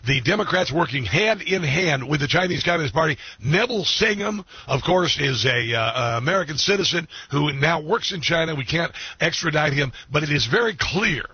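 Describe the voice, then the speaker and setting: A male talk radio host delivers a political monologue in a bright, slightly raspy voice, full of "uh"s and restarts. The sound is dry and dull, like lo-fi radio. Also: on the high side, expressive, a little fast, dry recording. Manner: rambling, many fillers and restarts. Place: Washington, D.C.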